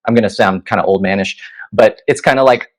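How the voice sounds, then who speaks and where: A man's voice: lowish voice, quick pace, poor audio. A man in his thirties, a guest musician telling stories casually, full of fillers like "you know" and "like". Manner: animated anecdotes, many fillers like "you know" and "like". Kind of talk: casual interview storytelling.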